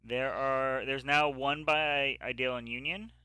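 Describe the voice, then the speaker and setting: A man running a tabletop game as game master, narrating combat in a halting way with many pauses and fillers. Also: mid-range voice, fairly even intonation, pushed and bright, clean tone, dry recording. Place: home setup, streamed live.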